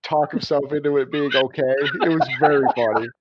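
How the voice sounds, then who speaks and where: A man co-hosting a podcast, telling a story in a casual, animated way with laughs. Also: on the high side, fairly quick, background noise. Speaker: podcast co-host. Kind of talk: casual chat. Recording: dull lo-fi podcast audio.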